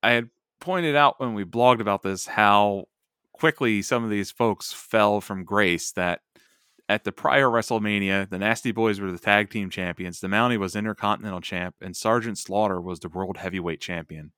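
A man's voice: fairly low pitch, normal speed, pushed and bright, clean tone, no echo. A man co-hosting a wrestling podcast, chatting casually with dry, sarcastic jokes. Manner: sarcastic, joking. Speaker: podcast co-host. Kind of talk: casual chat.

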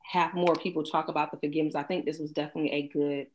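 A woman hosting a faith-based podcast in a lively, casual way. Her voice sits somewhat low for a woman. She repeats words as she talks. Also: racing. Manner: animated, acts out her young daughter in a high voice. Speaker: podcast host.

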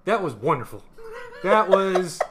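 A young man co-hosting a casual movie review podcast, excited and laughing, swearing freely. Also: sits high, a little slow, crowd noise. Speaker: podcast co-host.

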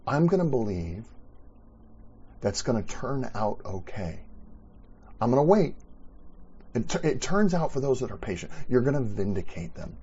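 A man's voice: medium pitch, sing-song, moderate pace, pauses often, warm tone, breathy edge, lo-fi sound. A man preaching a sermon in an earnest, conversational way, often restarting his sentences. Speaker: pastor.

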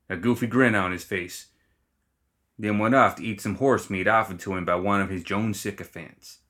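A man narrates a fantasy tale in a low voice with a wry, even delivery. He reads smoothly, letting the comic lines land without fuss. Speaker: audiobook reader. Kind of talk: scripted fiction narration.

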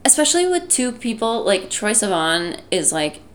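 A woman's voice: fairly high pitch, very animated, moderate pace. A woman co-hosting a podcast in casual chat, giggly and rambling, with lots of "like". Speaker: podcast co-host.

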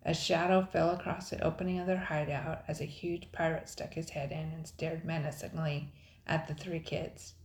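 A woman narrating a children's adventure storybook in a steady, dramatic read-aloud. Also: sits low, normal speed, vocal fry. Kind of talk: storybook reading. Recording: roomy echo.

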